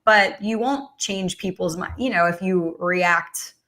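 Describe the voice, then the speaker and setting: Bright-voiced woman talk show host. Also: on the low side, unhurried. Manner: chatty, many fillers and restarts. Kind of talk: casual political chat.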